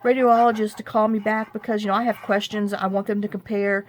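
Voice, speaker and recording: A woman's voice: mid-range voice, flat delivery, fast talker, slight background noise, lightly acted. Woman mimicking a breezy female doctor. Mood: dismissive.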